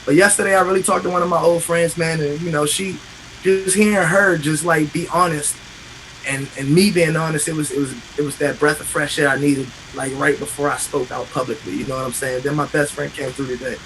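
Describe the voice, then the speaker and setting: A man's voice: on the high side, steady tone, a little fast, fairly bright tone, a little hiss or hum, poor audio. A man talking in an emotional, profane casual chat as a podcast host, passionate and repetitive.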